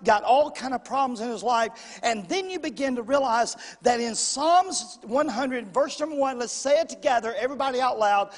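A man's voice: extremely high pitch, lively intonation, moderate pace. A man preaching a fervent sermon in a church, repeating phrases and calling the congregation to respond. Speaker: pastor. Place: church sanctuary. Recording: long reverb of a large church hall.

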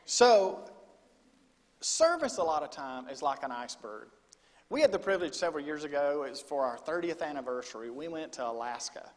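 A man's voice: on the high side, sing-song, a little fast, long reverb tail. A middle-aged man, a student minister preaching a sermon in a folksy storytelling manner. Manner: folksy storytelling with quoted asides.

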